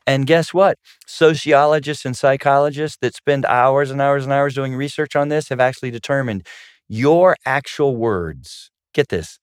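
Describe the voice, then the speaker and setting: A man's voice: medium pitch, normal speed, clean tone, no echo. Middle-aged guy counselor, punchy emphatic delivery, dry close mic. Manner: emphatic, repeats "guess what" for emphasis. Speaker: marriage counselor and co-host. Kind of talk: conversational teaching on marriage.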